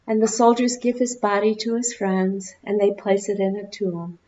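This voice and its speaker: A woman minister giving an Easter sermon, telling stories with slow, deliberate phrasing and dramatic pauses, in a church. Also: medium pitch, little pitch movement, warm tone, muffled recording, slight background noise. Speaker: guest minister. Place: church sanctuary.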